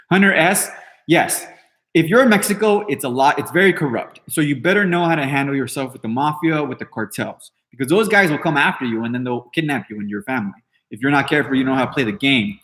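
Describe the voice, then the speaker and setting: This man speaks at a medium pitch, fast and expressive, with a fairly bright tone. Hosting his podcast, he launches into an unscripted rant that is dismissive and defiant, full of swearing, rambling and frequent restarts.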